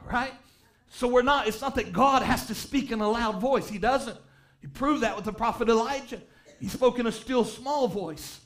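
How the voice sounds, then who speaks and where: Very high-voiced fervent male preacher. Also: moderate pace. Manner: fervent, swelling into shouts on key phrases; reads scripture aloud in old-style wording. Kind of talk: revival sermon. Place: church.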